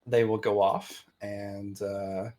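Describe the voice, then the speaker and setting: A game master narrating a tabletop role-playing game, slow and halting with many fillers. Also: sits low, flat delivery, darkish tone.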